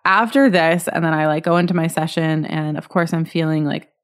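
A woman's voice: deep voice, fairly even intonation, fairly quick. A woman in her thirties hosting a solo podcast, telling a personal story in a candid, chatty way with lots of fillers and restarts. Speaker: podcast host.

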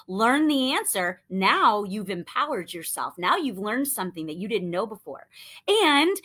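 A woman in her thirties coaching listeners on sales, telling a story in an animated, chatty way full of "like". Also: on the high side, moderate pace. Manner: animated, chatty, lots of "like" and acted-out quotes. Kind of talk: motivational storytelling talk.

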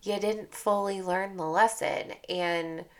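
A woman's voice: mid-range voice, steady tone, takes it slowly. A woman hosting her own podcast, talking candidly in a casual motivational monologue and repeating phrases for emphasis. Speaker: podcast host.

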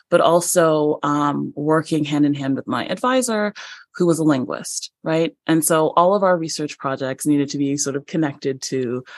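Low-voiced woman telling a lively story. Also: no room sound. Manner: animated, frequent fillers and laughs. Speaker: podcast guest. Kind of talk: conversational storytelling.

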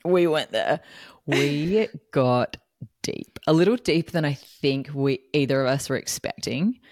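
A woman's voice: low-pitched, lively intonation, measured pace, a little mellow, no room sound, clean studio sound. A woman with an Australian accent co-hosting a podcast, talking casually with wry humour. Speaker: podcast co-host. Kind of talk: casual chat.

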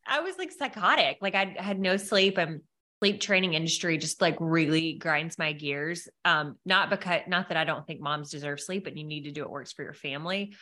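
A woman's voice: low voice, moderate pace, sharp tone. A woman hosting a podcast, speaking candidly and emotionally in a casual conversational way with many fillers. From America. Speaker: podcast host.

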